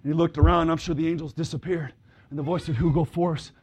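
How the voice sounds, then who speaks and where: Fervent man in the pulpit, rasping high-pitched delivery, shouts and hallelujahs. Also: fairly even intonation, fast. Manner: fervent, calls out brother, sister, shouts hallelujah. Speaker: preacher. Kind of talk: sermon. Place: church service with congregation responding.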